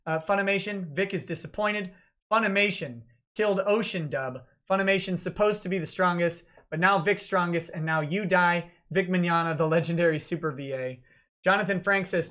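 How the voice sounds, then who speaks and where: High-voiced man reading chats, wryly. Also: normal speed, fairly bright tone. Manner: wry offhand asides between messages. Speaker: lawyer livestream host. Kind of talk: reading out viewer super chats on a livestream.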